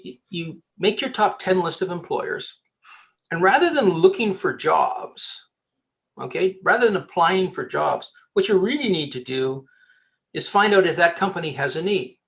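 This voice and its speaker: A man, a headhunter giving casual career advice as a podcast guest, animated and joking, often restarting his sentences. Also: sits high, normal speed, gravelly.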